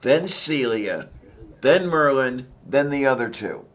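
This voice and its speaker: A man with a mid-range voice tells stories on a casual podcast. He speaks hesitantly and fills his pauses with "uh" and "um". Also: mid-range voice, expressive, a bit bright, muffled recording. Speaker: podcast co-host. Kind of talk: casual chat.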